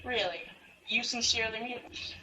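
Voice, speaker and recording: A man's voice: extremely high pitch, moderate pace, pushed and bright. A man on an archived call, mocking and taunting with bursts of laughter. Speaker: prank caller in an archived recording. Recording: distant call audio with noticeable noise.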